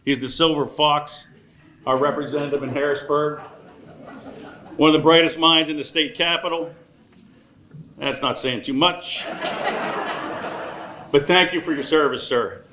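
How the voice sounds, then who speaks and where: A man's voice: a little high, fairly even intonation, unhurried, pauses often, sharp tone, roomy sound. A man in his sixties giving a joking dinner speech as emcee, teasing the audience between thank-yous. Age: 60s. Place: large banquet room.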